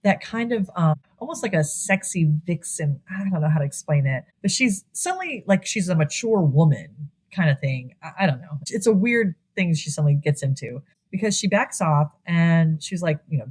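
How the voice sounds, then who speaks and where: A woman's voice: low-pitched, breathy edge. A woman co-hosting a podcast, casually recapping a horror film, acting out the characters' lines and laughing often. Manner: animated retelling, acting out lines in quick voices, laughs often. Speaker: podcast co-host. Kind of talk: casual movie recap chat.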